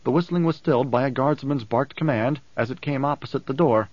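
A man's voice: mid-range voice, dry recording, highs cut off. Man narrating an audiobook, dry close sound. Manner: even, measured reading. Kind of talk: scripted narration.

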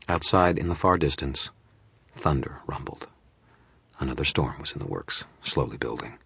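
A man giving a measured, brooding first-person audiobook narration. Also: a bass voice, expressive, vocal fry, a bit bright, slightly rough, dry recording.

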